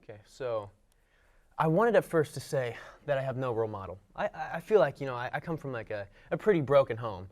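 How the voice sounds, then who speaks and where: A young man telling a casual story in an animated, self-deprecating way, laughing at himself. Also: medium pitch, a little fast. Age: young adult. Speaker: student panelist.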